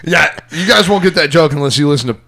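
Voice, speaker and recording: A man's voice: on the high side, animated, fast, vocal fry, heavy background noise. A man co-hosting a podcast, bantering and teasing in casual chat from a standing desk mic. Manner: bantering, teasing, laughs often. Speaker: podcast co-host. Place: podcast studio.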